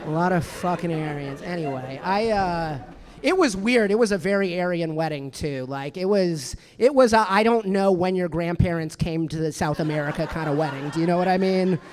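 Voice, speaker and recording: A man's voice: high-pitched, normal speed, a little mellow. A man in his thirties doing a stand-up comedy set on a club stage, rambling and self-deprecating, with lots of restarts and fillers. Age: 30s.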